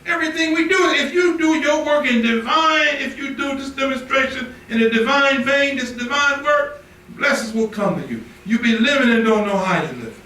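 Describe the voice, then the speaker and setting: In an echoey temple hall, captured noisily on a distant mic, a man with a very high-pitched, bright and forceful voice preaches at a moderate pace. His sermon is fervent and repetitive, each point driven home with building emphasis.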